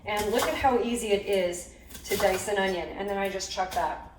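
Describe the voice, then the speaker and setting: A woman's voice: medium pitch, normal speed. Chatty woman cooking in an echoey kitchen. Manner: chatty and upbeat, laughing at herself. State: teary-eyed from cutting onions. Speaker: cooking video host. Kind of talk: casual cooking demonstration. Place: home kitchen, roomy and echoey. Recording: echoey kitchen, mic far off, cooking noise. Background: clatter of knives, pots and dishes.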